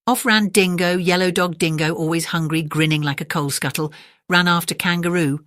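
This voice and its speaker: A woman narrates a bedtime story with a low, calm voice. She reads the repeated refrains in a rhythmic, chant-like way. The recording is dry and close. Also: moderate pace, dry recording.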